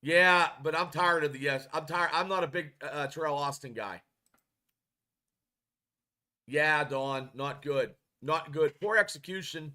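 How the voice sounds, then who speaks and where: A man's voice: a little high, slow, pauses often, bright, forceful tone. A man hosting a casual football podcast, rambling and frustrated, with many restarts as he reads chat comments. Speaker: podcast host.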